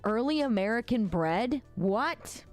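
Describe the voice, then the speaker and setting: A woman hosting a casual livestream, talking bluntly with lots of swearing and quick reactions. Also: a little high, animated, soft background music. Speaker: livestream host.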